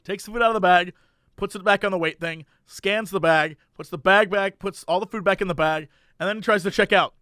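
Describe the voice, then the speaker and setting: A man's voice: sits high, a little fast, sharp tone, dry recording, clean studio sound. A man co-hosting a podcast, animatedly telling a funny anecdote, acting out voices and laughing as he goes. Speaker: podcast co-host. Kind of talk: casual storytelling chat.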